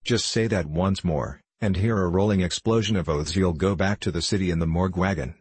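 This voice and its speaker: A man reading the lines of an excitable, loud, quick-tempered young man in a novel, blustering and repeating himself. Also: sits low, husky, no room sound. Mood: excited.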